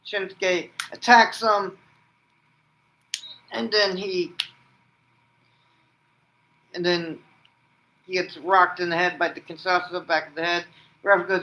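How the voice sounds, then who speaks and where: A man hosting a wrestling vlog, narrating an imagined match like play-by-play and shouting out the pin counts. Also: high voice, fairly even intonation, slow pace, pauses often, poor audio. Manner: breaks into loud shouted pin counts and move calls; rambling, restarts sentences with "and then". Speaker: wrestling vlogger host. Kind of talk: excited fantasy-booking play-by-play.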